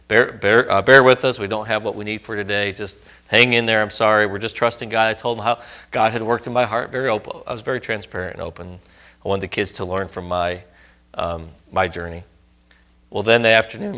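A man's voice: sits low, vocal fry, pushed and bright. A middle-aged man preaching, telling a personal story earnestly and rising to emphatic outbursts. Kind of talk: sermon testimony.

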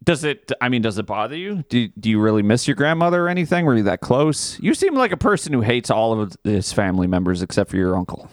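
Podcast dude teasing his buddy w crude jokes, lively voice, dry mic. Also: mid-range voice, fast, few pauses, no echo. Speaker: podcast co-host. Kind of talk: casual comedic banter.

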